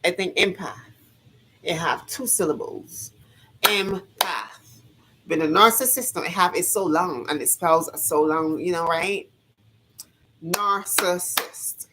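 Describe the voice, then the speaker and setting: A woman's voice: lowish voice, moderate pace, background noise. A woman in a casual motivational vlog monologue, talking in an emphatic, repetitive way, swearing freely as she preaches to her viewers. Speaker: vlogger.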